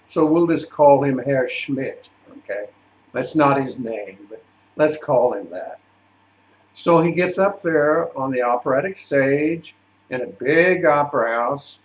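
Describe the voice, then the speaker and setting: An older man, an opera singer, telling stories in a deliberate, indignant way. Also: mid-range voice. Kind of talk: storytelling monologue. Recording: echoey room.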